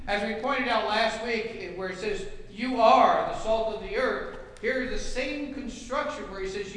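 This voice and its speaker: A pastor delivering a sermon in a high, light voice, earnest and folksy, pausing now and then to gather his words. He is heard in a large church sanctuary with a long, echoing reverb. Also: a bit bright. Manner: earnest preaching with folksy asides. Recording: echoey church hall.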